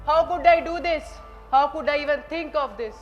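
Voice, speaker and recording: A young woman playing a busy father in a school stage play, hurried and later apologetic. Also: high-pitched, muffled recording, lightly acted. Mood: remorseful. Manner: hurried, then remorseful. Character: busy father who scorns his old parents. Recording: echoey hall with music.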